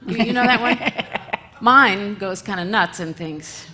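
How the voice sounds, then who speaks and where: A woman giving a church talk, telling a story in a lively, self-mocking way with frequent laughs. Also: medium pitch, takes it slowly, faint music behind. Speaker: guest speaker and musician.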